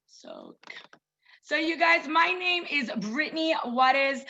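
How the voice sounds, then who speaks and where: A woman's voice: high voice, huge pitch swings, takes it slowly, creaky, bright, forceful tone, highs cut off. A woman in her thirties giving a casual, chatty online presentation as a wellness coach, talking personally to her listeners as "you guys.". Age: 30s. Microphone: video call.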